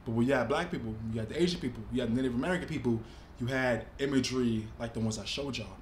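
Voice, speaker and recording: A man hosting a reaction video, talking in an animated, emphatic, casual way. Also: medium pitch, racing, slight background noise. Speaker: host. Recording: echoey room with faint ambience.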